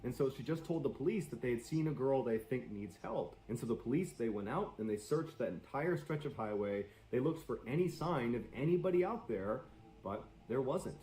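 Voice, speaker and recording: A man narrates suspenseful stories with dramatic, building tension. His pitch sits mid-range but moves a lot. The room around him rings audibly. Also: animated, normal speed, dark tone, echoey room, poor audio. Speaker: streamer. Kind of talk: storytelling on a live stream.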